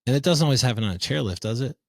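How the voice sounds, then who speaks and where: A man's voice: medium pitch, lively intonation, very fast, gravelly, no room sound. A man hosting a podcast, chatting in an upbeat and encouraging way. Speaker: podcast host. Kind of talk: casual chat.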